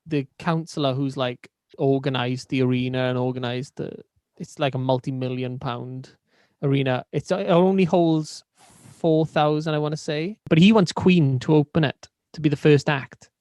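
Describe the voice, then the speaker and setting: A man co-hosting a podcast, laid-back, swearing casually and cracking deadpan jokes. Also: medium pitch, moderate pace, dry recording. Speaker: podcast co-host.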